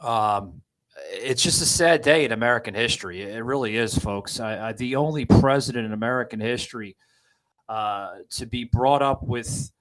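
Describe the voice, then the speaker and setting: A man hosting a political podcast, talking in a halting, upset way with many fillers and restarts. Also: medium pitch, fairly bright tone, rough recording. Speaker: podcast host.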